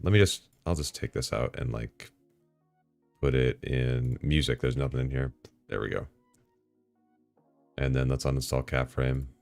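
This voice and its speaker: A man live-streaming, talking casually to himself and his chat while setting up software, swearing and bursting into excited outbursts. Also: rumbling low, measured pace, vocal fry, long pauses, no echo, soft background music.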